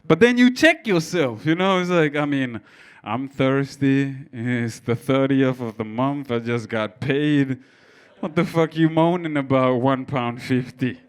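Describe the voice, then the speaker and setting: A man's voice: medium pitch, unhurried, clean tone. A man doing a stand-up comedy set, telling a story in a brash, profane way and bantering with the crowd. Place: comedy club stage before a live audience.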